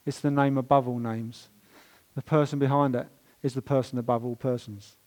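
A man preaching a sermon in a church, telling stories and stressing words with swings in loudness. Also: mid-range voice, steady tone, moderate pace. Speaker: pastor.

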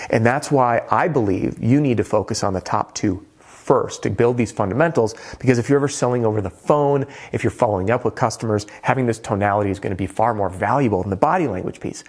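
A middle-aged man coaching on roofing sales, talking energetically and shifting his tone and pace to make his points. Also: mid-range voice. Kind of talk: coaching monologue to camera.

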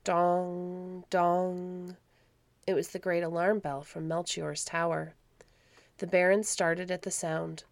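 Woman storyteller, calm measured reading, low gravelly voice. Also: dry recording. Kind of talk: scripted narration.

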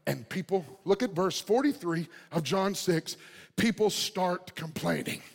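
A man preaching a lively sermon in a high, husky voice. He swings from shouted peaks down to near-whispered asides. A long reverb trails behind him, as in a large church hall. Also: measured pace. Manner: dynamic, swings from loud shouting to quiet murmurs. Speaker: pastor.

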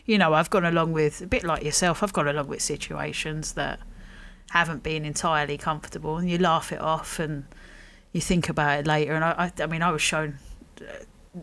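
A woman hosting a podcast, chatty and quick to laugh, at times dropping her voice to a hush. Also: low-pitched, steady tone. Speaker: podcast host. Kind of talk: casual podcast interview.

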